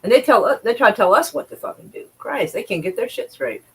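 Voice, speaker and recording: A woman's voice: fairly high pitch, very animated, a little fast, a bit bright, slightly rough, poor audio. A woman livestreaming, reading news aloud and reacting with sarcastic, profane commentary and exasperated sighs.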